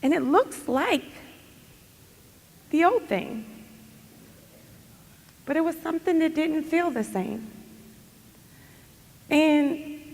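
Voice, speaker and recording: Woman telling a story slowly in a big hall. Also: high-pitched. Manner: animated, chatty storytelling. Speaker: motivational speaker at a company event. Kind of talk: storytelling speech. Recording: long hall reverb.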